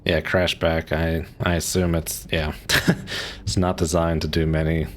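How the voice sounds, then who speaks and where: A man's voice: extremely low pitch, little pitch movement, unhurried. A young man streaming a game, musing aloud in a rambling, casual way with frequent "like"s and short laughs. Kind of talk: casual gameplay commentary.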